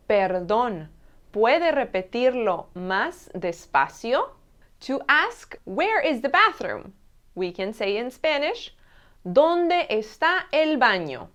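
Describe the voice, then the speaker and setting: A woman teaching a language lesson, saying each travel phrase slowly and clearly and repeating it. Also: on the high side. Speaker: Spanish teacher.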